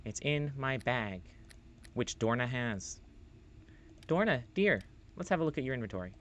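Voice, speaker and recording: A man's voice: medium pitch, sing-song, normal speed, a bit bright. A man streaming a role-playing game, rambling loosely through his commentary, swearing casually and reading the on-screen text aloud.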